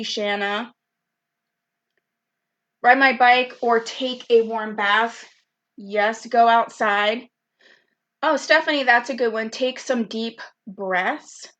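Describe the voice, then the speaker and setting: A woman with a highish, somewhat bright voice leads a virtual youth workshop live. As the program specialist, she keeps things friendly and upbeat, reading out viewers' comments by name over the video call.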